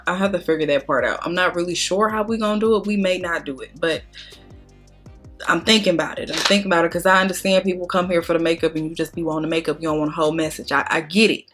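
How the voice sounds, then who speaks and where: Lowish voiced young woman crying a bit, cussing and chatting thru her makeup routine, soft music under. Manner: candid, profane, tearful and emotional. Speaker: beauty vlogger. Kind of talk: casual chat while doing makeup.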